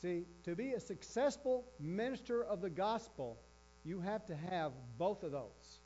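Male preacher, emphatic, repetitive, mellow, dull lo-fi recording with faint hum. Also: sits high, lively intonation, measured pace. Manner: emphatic, repeating key phrases. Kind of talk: sermon.

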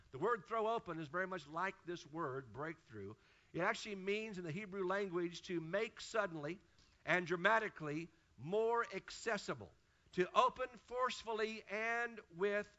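Bright-voiced preaching man, lo-fi. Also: a little high. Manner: emphatic preaching in repeated lists. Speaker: pastor. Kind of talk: sermon. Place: church pulpit.

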